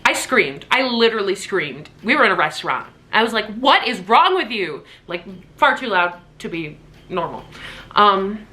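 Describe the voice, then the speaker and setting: A woman in her twenties chatting excitedly in a casual birthday haul vlog at home, gushing and swearing casually. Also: medium pitch, moderate pace. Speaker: vlogger.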